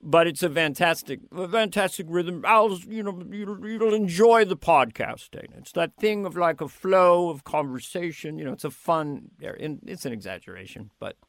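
An older man with a fairly high, bright-sitting voice tells showbiz stories in a casual interview. He talks in animated bursts, laughing and tripping over restarts. The sound is close and dry, with no room echo. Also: normal speed, hardly any pauses. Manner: animated storyteller, laughing and stammering through anecdotes. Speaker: comedian guest.

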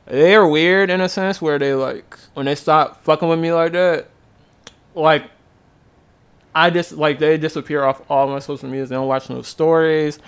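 A man's voice: a little high, steady tone, normal speed, clear, resonant tone. A young man in casual, profane chat, telling loose stories about past girlfriends.

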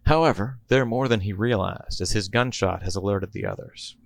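A man's voice: lowish voice, moderate pace, creaky. A man and podcast host reading out a comedy story in a playful storytelling manner. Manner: playful storyteller, chuckling between bits.

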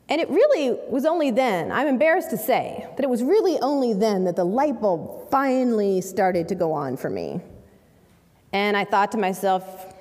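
A woman's voice: mid-range voice, very animated, normal speed, a little mellow. A woman lawyer and organizer telling a personal story to an audience, earnest and vivid. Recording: hall reverb.

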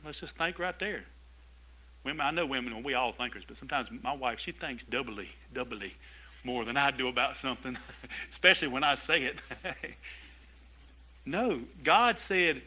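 A man pastor preaching a sermon in a lively way, with asides and chuckles to his congregation. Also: mid-range voice, normal speed, slightly rough. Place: church service with a congregation.

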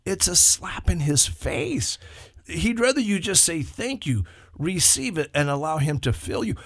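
A man, a pastor on a church talk show, chatting casually and telling stories with lively acted-out asides. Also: on the high side, normal speed, dry recording, clean studio sound. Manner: animated storyteller, acts out quoted people.

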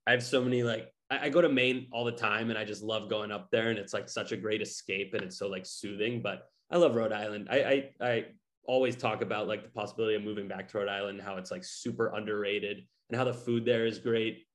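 A man's voice: lowish voice, brisk, few pauses. A young man from New England, talking loosely in casual chat with lots of fillers.

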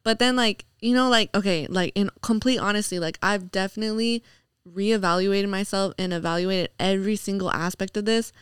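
A woman's voice: mid-range voice, fairly quick, clean tone, dry recording, studio quality. A young woman chatting as a podcast guest, full of fillers, laughing often and slipping into mocking voices. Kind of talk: casual podcast chat.

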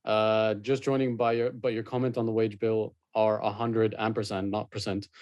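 A man co-hosting a casual podcast, joking and exaggerating in quick banter. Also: on the low side, flat delivery, darkish tone, no room sound, highs cut off. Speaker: podcast co-host.

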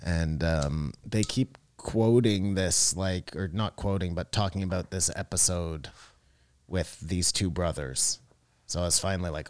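Man, podcast co-host, low voice, rambling, dry close mic. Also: normal speed, no room sound. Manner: rambling storyteller, trailing off quietly. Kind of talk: casual podcast chat.

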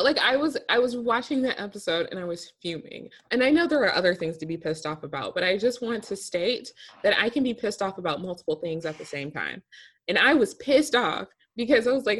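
Animated woman ranting in casual chat. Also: mid-range voice, breathy edge. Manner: exasperated, animated ranting with laughs. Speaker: podcast co-host.

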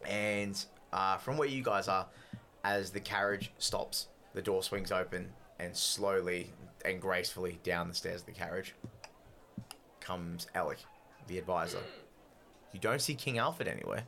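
A man's voice: low voice, measured pace, vocal fry, pushed and bright. A man narrating a tabletop game as game master, slipping into character voices.

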